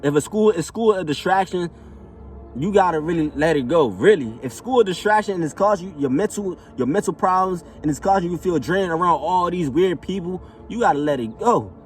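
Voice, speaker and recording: A man's voice: high-pitched, expressive, a little fast. A man speaks a little away from the mic, so his voice sounds distant. Faint music plays under his casual, motivational monologue. He repeats his phrases for emphasis. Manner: repetitive, emphatic, casual slang with frequent "know what I'm saying". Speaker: motivational vlogger.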